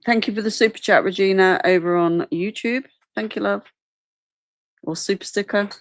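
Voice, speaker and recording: A woman's voice: medium pitch, steady tone, moderate pace, no echo, studio quality. A woman co-hosting a livestream, chatty and reading out the chat. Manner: chatty, reads and thanks the chat. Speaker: livestream co-host.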